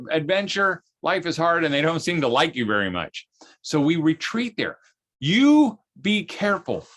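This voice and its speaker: Animated middle-aged man telling stories. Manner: animated, acts out quotes in high squeaky voices. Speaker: speaker on parenting. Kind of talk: casual storytelling talk.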